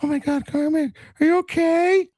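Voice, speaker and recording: A man's voice: very high voice, fairly even intonation, normal speed, darkish tone, no echo, studio quality, pitched above the performer's own voice. A man voicing a doting mother with an Italian accent who fusses over her grown son in a sing-song way. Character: doting mother, fussing and sweetly soothing.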